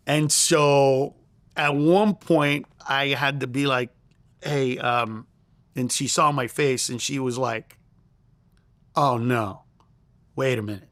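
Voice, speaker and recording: A man's voice: mid-range voice, steady tone, takes it slowly, a bit bright, no room sound. A middle-aged man, a comedian, telling a story in conversation and acting out the lines he quotes. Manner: acts out quoted lines in raised voice, laughs through story. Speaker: comedian guest.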